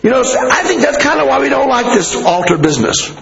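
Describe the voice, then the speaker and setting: Guy with a high gravelly voice preaching casual, lots of echo in a big hall. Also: big pitch swings, fairly quick, fairly bright tone. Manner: informal, repeats phrases, asks the listeners questions. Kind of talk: conversational sermon. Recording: echoey hall, slightly dull sound.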